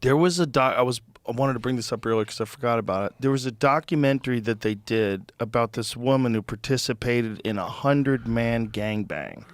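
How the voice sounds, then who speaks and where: A man's voice: medium pitch, fairly quick, few pauses, no echo. A man hosting a podcast in casual chat, musing bluntly with lots of "like" fillers. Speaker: podcast host.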